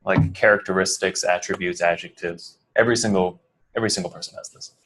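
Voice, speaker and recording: A man's voice: low-pitched, steady tone, fast talker, fairly bright tone. A man from New Jersey with an American accent, teaching a coding class in a casual, rambling way, full of fillers and restarts, questions to the students. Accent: American English. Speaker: coding bootcamp instructor. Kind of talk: classroom lecture.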